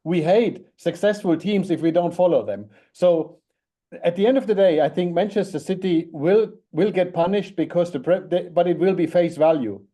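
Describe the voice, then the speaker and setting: A man's voice: sits high, normal speed, dark tone. A man giving blunt, dismissive opinions as a guest on a football talk show. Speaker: guest pundit. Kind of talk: football commentary.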